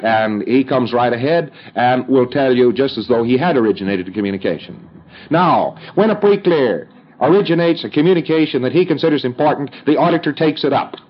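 Man lecturing on dull old tape. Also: mid-range voice. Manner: conversational, emphatic, with folksy fillers. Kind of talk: recorded instructional lecture.

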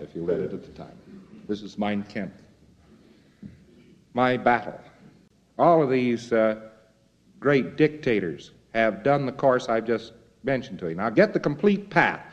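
Man, from the United States, lecturer, folksy, wry, jokey asides, mid-pitched voice. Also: sing-song, measured pace, pauses often, darkish tone, highs cut off.

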